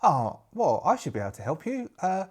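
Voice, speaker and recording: A man's voice: sits high, wildly swooping pitch, fairly quick, slightly rough, voice pushed up, full character voice. A man voicing a kind-hearted young female jungle witch, hesitant and stumbling over her words. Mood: flustered.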